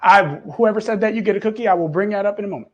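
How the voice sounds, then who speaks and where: A man hosting, coaching a live audience in an animated, profane, mocking way. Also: high voice, racing, muffled recording. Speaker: host.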